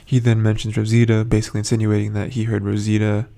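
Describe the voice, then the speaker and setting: A man's voice: fairly low pitch, completely flat delivery, quick pace, vocal fry, dark tone. A man hosting a casual, rambling TV episode recap, full of hesitant fillers. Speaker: host.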